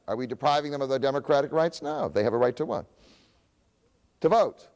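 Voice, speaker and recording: A man's voice: mid-range voice, expressive, fairly quick, darkish tone, long reverb tail. A man giving a public lecture, who poses rhetorical questions and answers them himself.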